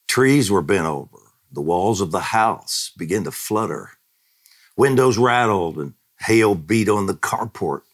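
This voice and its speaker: A man pastor reading a family's testimony aloud in a daily prayer broadcast, his voice climbing high and loud on the quoted cries.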